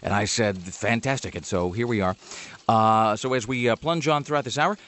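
A man hosting a radio show in casual banter, rambling with lots of fillers and restarts, slipping into animated impressions. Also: on the low side, normal speed. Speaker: radio host.

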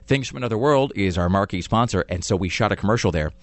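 A man's voice: on the low side, lively intonation, fast. A man hosting a podcast in casual chat, rambling and self-deprecating, with lots of fillers. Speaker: podcast host.

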